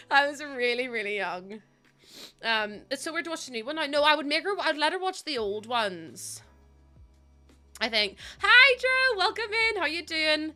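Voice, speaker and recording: A woman's voice: high-pitched, big pitch swings, slow pace, pauses often, sharp tone, soft background music. A young woman live streaming, chatty and giggly as she greets viewers, sounding sniffly and close to tears. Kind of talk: casual live-stream chat.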